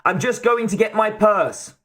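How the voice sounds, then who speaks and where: A man's voice: sits high, unhurried, fairly bright tone, pitched above the performer's own voice. A man voicing a female cyborg posing as a cheery young girl with a Boston accent. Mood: falsely cheerful.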